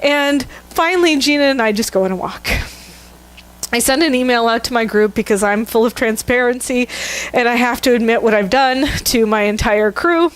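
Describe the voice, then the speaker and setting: A woman's voice: on the high side, moderate pace. A middle-aged woman minister giving a sermon, telling a candid, self-mocking story with laughter to her congregation. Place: church sanctuary.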